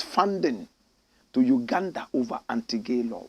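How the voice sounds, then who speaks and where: A middle-aged man with a Ghanaian English accent hosts a political commentary show. His delivery is fiery and preaching, climbing into shouts. His pitch is medium, his tone expressive, and he speaks at a normal speed.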